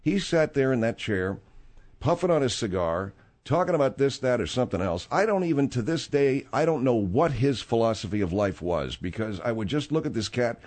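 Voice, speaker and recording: A middle-aged man hosting a talk-radio show, rambling in a casual, animated way with plenty of fillers. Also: medium pitch, normal speed.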